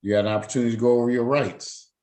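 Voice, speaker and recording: A man's voice: medium pitch, steady tone, very fast, mellow, poor audio. A man presiding as a judge, formally reading out charges, fines and rights in a court hearing. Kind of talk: court proceedings over a video call.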